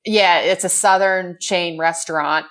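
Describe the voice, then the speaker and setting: Chatty American woman with a lowish voice. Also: fairly even intonation, unhurried, fairly bright tone. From United States. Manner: chatty, laughs often, fills with "like". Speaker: guest. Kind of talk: casual storytelling chat.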